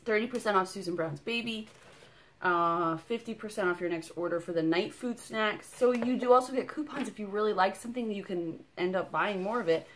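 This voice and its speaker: A woman's voice: mid-range voice, brisk, slight background noise. A woman in her thirties chatting casually as she unboxes products for her vlog, bubbly and full of fillers. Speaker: vlogger.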